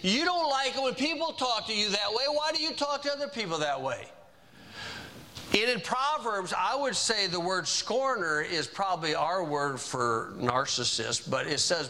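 Bright-voiced folksy male preacher. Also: on the high side. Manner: folksy, conversational preaching with asides. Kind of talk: sermon.

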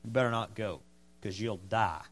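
A man's voice: fairly low pitch, normal speed, voice pushed down, lightly acted. A man preacher voicing a blunt prophet who mocks the king and warns him bluntly. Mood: warning. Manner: sarcastic, warning. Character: blunt, mocking male prophet.

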